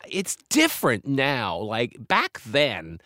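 A man in his fifties, a comedian and author, talks candidly and reflectively as an interview guest, now and then breaking into lively bursts of laughter. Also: mid-range voice, slow pace, dry recording, clean studio sound. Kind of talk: conversational interview.

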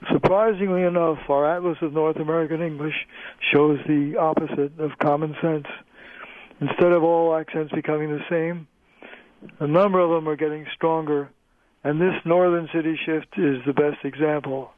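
An older man, a linguist, explaining things in a measured lecturing way during a phone-in radio interview. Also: on the high side, steady tone, dry recording. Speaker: linguist guest. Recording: tinny phone line.

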